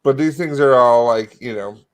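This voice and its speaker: A man co-hosting a comedy podcast, answering in a deadpan way with short, curt replies. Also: medium pitch, normal speed, clear, resonant tone. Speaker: podcast co-host. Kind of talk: casual comedic chat.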